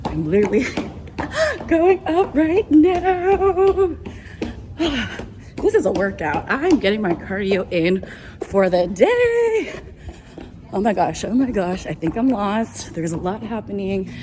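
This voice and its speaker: A woman's voice: medium pitch, sing-song, measured pace, darkish tone, slight background noise. Bubbly young woman hosting live. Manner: bubbly, playful and hyped, talks straight to the crowd. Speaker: event MC. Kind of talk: live ceremony hosting with crowd work. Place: event venue with a live audience.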